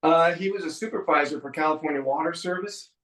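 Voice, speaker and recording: A man's voice: a little high, quick pace, roomy sound, poor audio. A middle-aged man from San Francisco, a musician guest, chatting casually with a dry sense of humor and plenty of ums. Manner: relaxed storyteller, dry humor, frequent ums. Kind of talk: casual interview chat.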